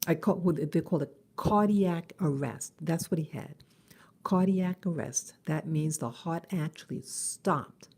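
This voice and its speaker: Slow, gravelly woman vlogger. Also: low voice, a little mellow. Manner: halting, many restarts and fillers. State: early-morning voice. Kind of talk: casual monologue to camera.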